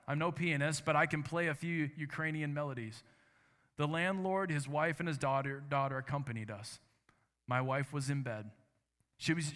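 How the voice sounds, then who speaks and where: A man's voice: medium pitch, fairly bright tone. Man preaching in an echoing church. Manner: earnest, measured storytelling with dramatic quoted lines. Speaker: pastor. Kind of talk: sermon with a read-aloud story.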